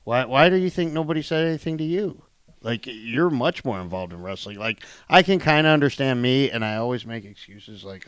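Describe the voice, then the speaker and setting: Smooth-voiced joking podcast man. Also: lively intonation, brisk, fairly bright tone, no room sound. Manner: joking, low-key grumbling. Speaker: podcast co-host. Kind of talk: casual chat.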